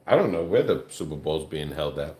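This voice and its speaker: A man co-hosting a casual home livestream, explaining things slowly with halting fillers while reading out viewer comments. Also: extremely low pitch, big pitch swings, a little mellow. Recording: echoey room.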